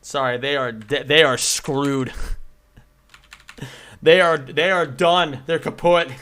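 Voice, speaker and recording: A man streaming gameplay, talking in an excitable, rambling way and laughing often. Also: fairly high pitch, slow, clear, resonant tone. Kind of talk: live gameplay commentary.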